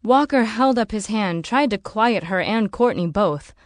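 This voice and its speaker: A woman narrating an audiobook in a steady, measured way. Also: mid-range voice, no room sound, clean studio sound.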